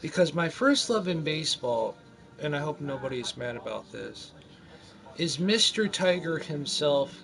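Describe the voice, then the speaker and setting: A man in his forties casually telling a rambling story over his gameplay, animated and full of restarts. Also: fairly high pitch, gravelly. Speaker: gamer narrating his gameplay.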